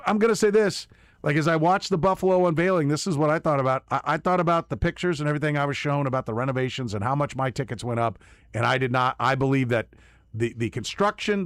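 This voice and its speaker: A man's voice: a little high, no room sound, studio quality. A man hosting sports talk radio, giving emphatic opinions and often repeating words as he starts a point. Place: radio studio. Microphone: studio microphone.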